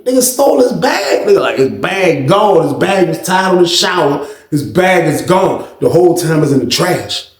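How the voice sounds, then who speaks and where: A man telling a profane prison story in a casual, animated way, acting out the other people's voices. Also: high voice. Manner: animated, acts out others' voices, heavy cursing. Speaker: storyteller vlogger. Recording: echoey room.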